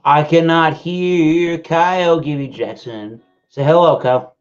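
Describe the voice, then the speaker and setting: A man's voice: fairly high pitch, a little slow, clear, resonant tone. A man hosting a casual beer review livestream, calling out to a guest whose audio has dropped. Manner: repeats a guest's name to check the line. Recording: dull lo-fi stream audio.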